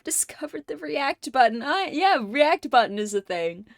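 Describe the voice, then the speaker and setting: A woman hosting a livestream in casual chat, rambling and excitable, and swearing often. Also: high voice, normal speed, vocal fry, no echo, clean studio sound. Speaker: livestream host. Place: home streaming setup.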